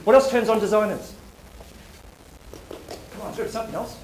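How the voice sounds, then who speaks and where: A man whose voice sits high speaks at normal speed in a live talk at a university lecture hall. The public speaker is playful and jokey, firing off rhetorical questions at listeners, with background noise and roomy hall echo.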